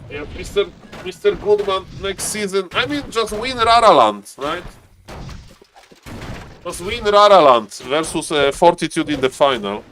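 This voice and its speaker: A man's voice: high voice, animated, measured pace, a bit bright, slight background noise. A man casually commentating a live strategy game, chatting to viewers and players as he goes. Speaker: esports caster.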